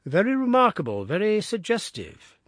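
A man voicing a sharp, reserved, middle-aged male detective who talks in a measured, precise and formal way. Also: high-pitched, huge pitch swings, no room sound, clean studio sound, voice pushed up, heavily acted. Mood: keen.

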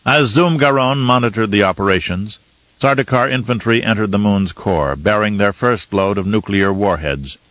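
A man narrating an audiobook in a measured, steady way. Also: fairly low pitch, dry recording, highs cut off. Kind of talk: scripted narration.

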